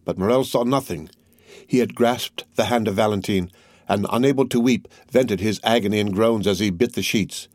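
Low-voiced male audiobook narrator. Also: normal speed, no echo. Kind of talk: scripted narration of a classic novel.

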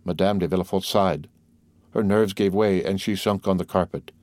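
A man narrating an audiobook of a classic novel in a steady, formal storytelling manner. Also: low voice, moderate pace, dry recording. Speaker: audiobook reader. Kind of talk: scripted narration. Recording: dry close audiobook recording.

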